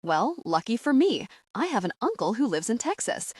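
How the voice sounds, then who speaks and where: A woman's voice: fairly high pitch, sing-song, moderate pace, a little mellow, husky, no room sound. A woman voicing a charming young French man with a French accent in an audiobook. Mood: polite. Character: young French male doctor, polite and charming.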